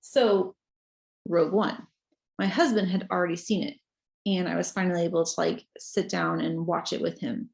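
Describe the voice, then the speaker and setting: A woman chatting as a podcast guest, her voice carrying a gravelly fry. She tells her stories earnestly, with lots of small restarts along the way. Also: lowish voice, steady tone, normal speed, a little mellow. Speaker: guest author. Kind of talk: casual podcast chat.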